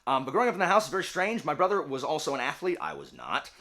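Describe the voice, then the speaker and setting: Southern man, late 30s, vlogger; animated, wandering chat with a bright, forward tone. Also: a little high, very fast. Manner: animated, rambling with many restarts and asides. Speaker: vlogger and teacher. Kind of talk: casual personal chat to camera.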